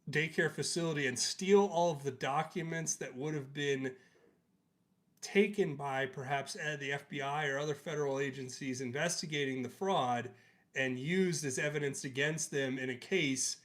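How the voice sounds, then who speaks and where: A man's voice: fairly high pitch, fairly bright tone. A man hosting a livestream, commenting on clips with sarcastic, chuckling asides. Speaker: livestream host.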